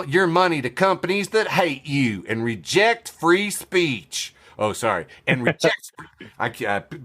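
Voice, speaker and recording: A man's voice: medium pitch, a bit bright. A man hosting a podcast, reading social media posts aloud with sarcastic commentary, laughing often and swearing freely. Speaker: podcast host.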